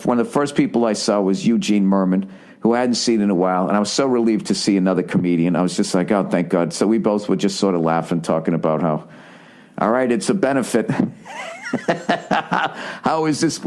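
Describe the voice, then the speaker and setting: A man's voice: fairly low pitch, darkish tone. A man in his late forties with a Boston accent, telling a story in a rambling, profane way on his podcast. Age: 40s. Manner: rambling, profane, self-interrupting. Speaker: podcast host. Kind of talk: casual storytelling monologue.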